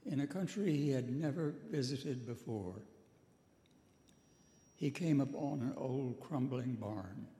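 A man telling a moral tale as a sermon, measured and solemn, with dramatic pauses, and acting out a captain's lines. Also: gravelly, darkish tone. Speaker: storyteller, preacher. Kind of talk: storytelling sermon. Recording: echoey hall with faint rumble.

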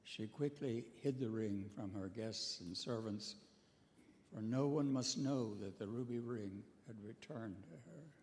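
A man telling a moral tale as a sermon, measured and solemn, with dramatic pauses, and acting out a captain's lines. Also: a little mellow. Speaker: storyteller, preacher. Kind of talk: storytelling sermon. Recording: echoey hall with faint rumble.

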